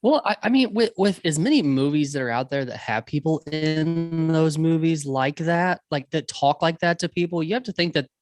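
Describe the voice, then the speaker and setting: A man's voice: fairly high pitch, normal speed, few pauses, no echo, studio quality, faint music behind. A man co-hosting a podcast in casual chat, reasoning in an easygoing, hesitant way. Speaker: podcast co-host.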